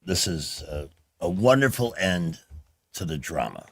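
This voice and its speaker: A man's voice: low voice, very animated, a little slow, dry recording, clean studio sound. A man hosting a call-in radio show, chatting in a friendly, easygoing way with callers. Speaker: radio talk show host.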